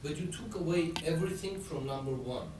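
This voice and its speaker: A man speaking quietly and incredulously as a player at a tournament game. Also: fairly high pitch, expressive, brisk. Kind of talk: game table speech. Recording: from far off, echoey, noisy.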